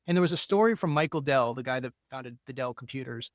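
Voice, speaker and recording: A man's voice: medium pitch, expressive, quick pace, no echo, studio quality. A man from the Philadelphia area hosting a podcast, chatty and self-assured, rambling with many fillers. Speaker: podcast host. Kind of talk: casual interview talk.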